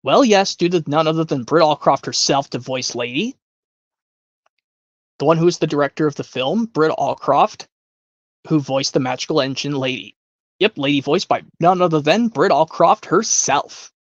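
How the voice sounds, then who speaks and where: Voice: medium pitch, moderate pace, no echo, highs cut off. A streamer chatting casually between voice impressions, rambling and hesitant as they pile up fan trivia.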